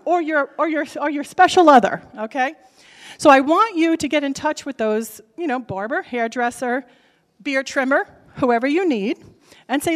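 A woman with a brassy New Jersey accent addresses a convention audience, her fairly high voice carrying through a large hall with a long echo. She talks direct and punchy, tossing "okay?" at the crowd between points like a seasoned seminar speaker. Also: lively intonation, normal speed. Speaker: lender speaking at a real estate convention. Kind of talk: lively seminar talk to a live audience.

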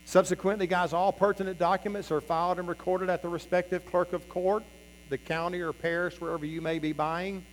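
A man teaching a live seminar room, emphatic and constantly addressing the audience as "guys". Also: on the high side. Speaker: real estate seminar presenter. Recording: reverberant hall, faint mains hum.

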